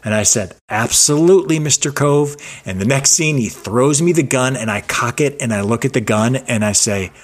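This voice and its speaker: A man co-hosting a casual podcast, joking about himself and telling animated stories. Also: mid-range voice, moderate pace, hardly any pauses. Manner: self-mocking, playful, animated storyteller. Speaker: podcast co-host. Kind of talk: casual chat and storytelling.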